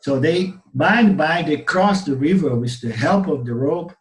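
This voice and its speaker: Roomy-sounding teacher with a Brazilian Portuguese accent. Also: male voice, fairly high pitch, moderate pace. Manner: animated storyteller, checks in with "okay?". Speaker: Vedanta teacher. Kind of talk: storytelling in an online class. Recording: roomy webinar audio.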